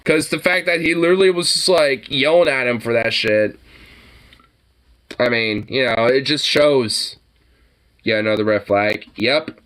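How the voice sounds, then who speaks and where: A man giving casual, animated reaction commentary on gun videos, swearing often and laughing at the clips. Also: mid-range voice, unhurried.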